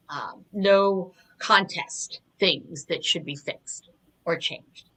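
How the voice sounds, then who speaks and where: A woman's voice: lowish voice, a bit bright, low-quality recording. A middle-aged woman, a communication coach, giving a live online talk in a conversational, reflective way with personal stories.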